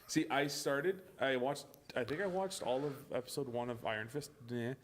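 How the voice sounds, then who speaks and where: A man's voice: mid-range voice, expressive, normal speed, a little hiss or hum. A young man hosting a casual podcast chat, ranting, swearing a lot and mimicking people. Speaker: podcast host.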